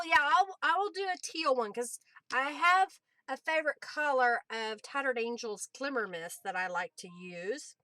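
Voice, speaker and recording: A woman's voice: high voice, sharp tone, dry recording. A woman hosting a crafting livestream, chatting easily and answering viewers by name between laughs. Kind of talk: casual livestream chat while crafting.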